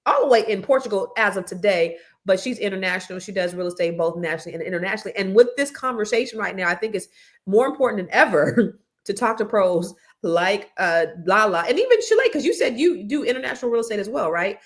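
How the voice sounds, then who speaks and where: A woman's voice: mid-range voice, animated, quick pace. A woman from California hosting a casual panel talk show, chatty and playful. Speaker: host.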